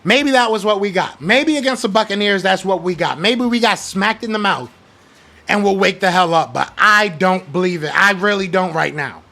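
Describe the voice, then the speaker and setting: Fired-up man ranting, bright gravelly voice. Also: sits high, normal speed. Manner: fired-up, emphatic, slangy and blunt. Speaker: podcast host. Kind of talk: heated sports rant, reading live chat.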